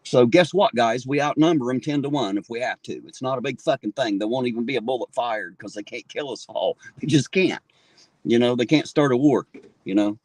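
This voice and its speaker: A man's voice: medium pitch, fairly quick, a little mellow, no echo. A man, ranting angrily and with plenty of swearing on a street livestream, talking into his phone outdoors. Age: 40s. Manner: profane, fired-up ranting. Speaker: livestream host. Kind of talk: angry street livestream rant.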